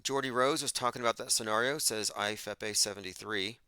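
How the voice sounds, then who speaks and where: A man's voice: on the low side, quick pace, pushed and bright, clean tone, no echo. A man hosting a livestream, delivering an emphatic, argumentative monologue and reading out chat comments. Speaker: podcast host.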